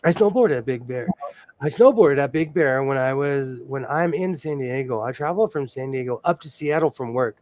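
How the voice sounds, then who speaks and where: A man's voice: mid-range voice, expressive, normal speed, darkish tone. A man from the US West Coast hosting a casual sewing chat, rambling and laughing often as he tells stories. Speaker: sewing stream host.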